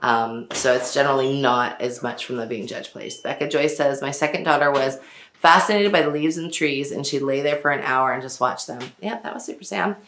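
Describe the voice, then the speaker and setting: Low-voiced chatty woman, echoey room. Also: brisk, noisy background. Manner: chatty, laughs often, many fillers. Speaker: host. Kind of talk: casual chat.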